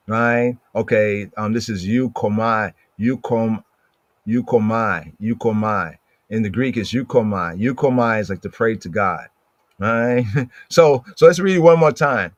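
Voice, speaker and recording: A man teaching a scripture study, talking conversationally, reading verses aloud slowly and often checking in with "right?". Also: fairly low pitch, no room sound. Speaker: Bible teacher.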